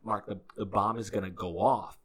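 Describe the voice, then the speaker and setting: Male co-host, bright and tense in tone, animated plot recap with dry asides. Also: on the low side, normal speed, breathy edge. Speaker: podcast co-host. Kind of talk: casual chat recapping a movie.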